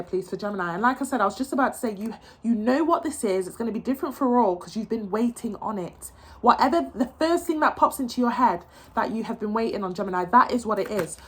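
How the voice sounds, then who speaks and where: A woman's voice: fairly high pitch, animated, fast, breathy edge. Emotional, encouraging woman reading tarot. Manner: emotional, repetitive, encouraging, frequent restarts. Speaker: tarot reader. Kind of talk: casual tarot reading to camera.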